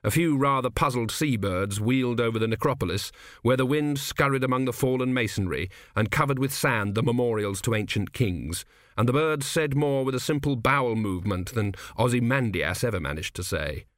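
A man reading an audiobook aloud in a measured, wry storytelling manner. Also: medium pitch, expressive, dry recording, clean studio sound. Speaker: audiobook narrator. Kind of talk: scripted narration.

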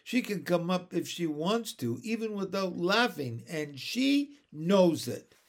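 A man voicing a jolly elderly uncle, hearty and booming, talking through fits of laughter. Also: big pitch swings, slow pace, heavily acted. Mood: jovial.

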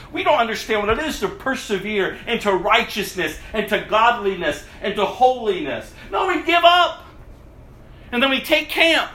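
Bright, echoey preaching man. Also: high voice. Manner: animated, laughs often, mimics whiny voices. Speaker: pastor. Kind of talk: sermon.

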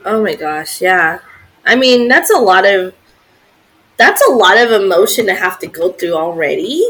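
A woman's voice: mid-range voice, animated, normal speed, a bit bright, breathy edge. Chatty woman podcast co-host. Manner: chatty and sympathetic, many fillers. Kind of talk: casual chat.

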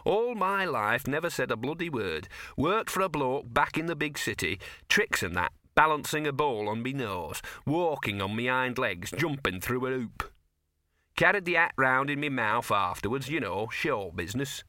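A man's voice: medium pitch, animated, moderate pace, pushed and bright, no echo, clean studio sound. A man voicing a scruffy, sardonic male talking dog who grumbles in slangy street talk. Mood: wry.

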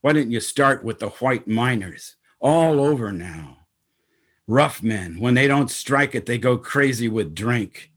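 A weary, proud old chief, as a storyteller voices him answers in blunt, bitter phrases, slow and measured. His voice sits in an ordinary middle pitch, unhurried throughout. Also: expressive, slightly rough. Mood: defiant.

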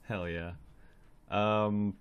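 A man's voice: lowish voice, steady tone, very slow, clean tone, dull audio. A man co-hosting a film podcast, talking in a laid-back, wry way with the odd chuckle. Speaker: podcast co-host reviewing films. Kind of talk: casual chat.

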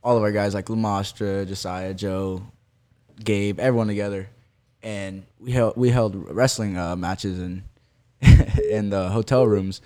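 A man's voice: lowish voice, fairly even intonation, a little slow, mellow. A man on a podcast telling a team story, laughing often as he goes. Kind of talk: casual storytelling chat.

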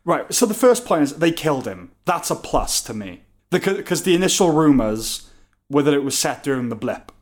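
A man's voice: on the high side, big pitch swings, normal speed. A man co-hosting a podcast, casually recapping a film in a dry, offhand, joking way. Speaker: podcast co-host. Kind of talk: casual film review chat.

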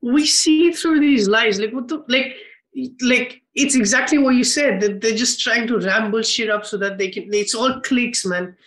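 A man's voice: very high-pitched, moderate pace, fairly bright tone, rough recording. A man co-hosting a film podcast, casual and heated, swearing and rambling with many restarts. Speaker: podcast co-host.

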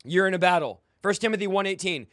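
A man's voice: sits high, quick pace, fairly bright tone, dry recording, studio quality. A young man preaching a fiery, confrontational sermon, mocking his critics and commanding listeners to fight. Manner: exhorting, commanding.

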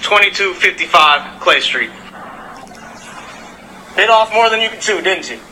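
Man, furious street confrontation, very high voice, sharp cutting tone, outdoors, phone recording. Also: expressive, measured pace, a little hiss or hum, low-quality recording. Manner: angry, profane, confrontational. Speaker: delivery worker.

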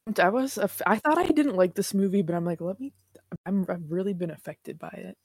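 A woman's voice: medium pitch, a little fast, darkish tone, slightly rough, dry recording, clean studio sound. A woman in her twenties co-hosting a podcast in casual chat, rambling and self-deprecating, laughing often. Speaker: podcast co-host.

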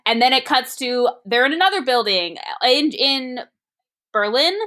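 Bright chatty woman reviewing a movie. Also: high voice, animated. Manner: chatty, rambling, quick asides. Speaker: podcast co-host. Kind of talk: casual movie review chat.

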